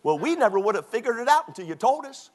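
A man preaching a sermon as a pastor, animated and mocking, often breaking into quoted put-on voices. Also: extremely high pitch, fast.

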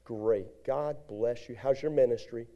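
A man pastor preaching a lively sermon, acting out little scenes and rising to shouts at his peaks. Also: mid-range voice, a little slow, muffled recording.

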